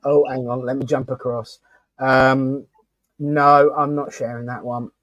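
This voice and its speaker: A man's voice: mid-range voice, level tone, unhurried, a bit bright, no room sound. A man hosting a casual live-stream chat, rambling and talkative with lots of fillers and restarts. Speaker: host.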